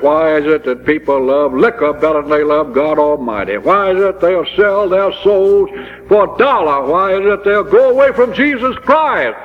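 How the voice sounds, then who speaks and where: A man preaching a sermon, telling stories and building to impassioned, pleading climaxes. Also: a little high. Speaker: pastor. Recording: dull old recording in a large hall.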